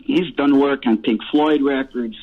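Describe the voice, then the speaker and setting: A man's voice: mid-range voice, a little slow. A male rock singer telling rambling stories in a casual interview, laughing often and swearing freely. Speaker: rock vocalist guest. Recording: tinny phone line.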